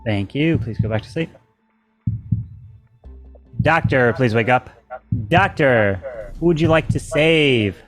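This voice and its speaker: A man moderating a live party game, calling out rounds and votes in a slow, deliberate way. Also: mid-range voice, soft background music. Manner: calm announcer pacing, slow deliberate calls.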